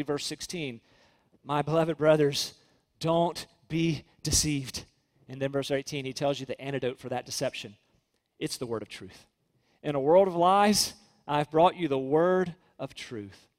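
High-voiced pastor preaching in a reverberant hall. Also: male voice. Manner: earnest, emphatic preaching with slowed repeated phrases. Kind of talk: sermon.

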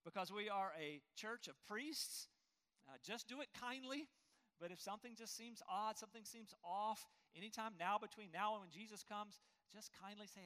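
A man's voice: sits high, normal speed, sharp tone, clean tone. A middle-aged man preaching a sermon as pastor in a church, earnest and emphatic, breaking into brief laughs. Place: church sanctuary. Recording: long reverb of a large hall.

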